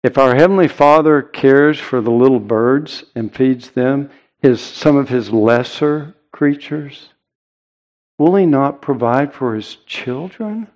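A male pastor delivering a sermon at an unhurried pace, leaning on key words with earnest emphasis. His voice sits in a middle register and comes through a slightly dull, lo-fi recording. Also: medium pitch, a little mellow. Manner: earnest, emphatic preaching with deliberate pauses.

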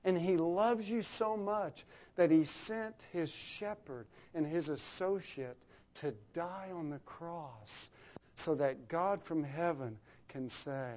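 A man's voice: fairly high pitch, takes it slowly. Preacher man with a dull lo-fi sound. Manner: rising and falling in volume for emphasis, dropping to a hush. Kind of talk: sermon. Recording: dull lo-fi recording.

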